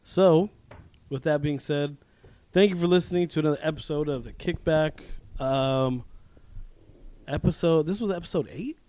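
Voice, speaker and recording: Young male podcast host, slightly high voice, laughs and swears often, loose storyteller. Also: moderate pace, a little mellow. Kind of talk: casual chat.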